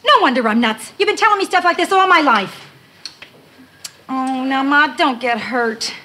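A woman's voice: sits high, lively intonation, sharp tone, slight background noise. An actress playing a nervous, wisecracking young married woman in a 1970s sitcom, talking herself in and out of worry. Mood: rattled. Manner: nervous, quick-witted, self-mocking. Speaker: title character, wife. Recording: TV studio with audience laughter.

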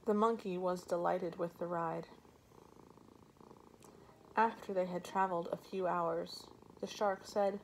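Brief: calm woman storyteller, unhurried reading, lowish voice. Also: a little hiss or hum, poor audio. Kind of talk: read-aloud storybook narration.

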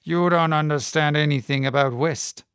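A man reading an audiobook, voicing a brash, insolent American colonel in a loud, taunting voice. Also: a little high, moderate pace, clear, resonant tone, no echo, studio quality, natural voice.

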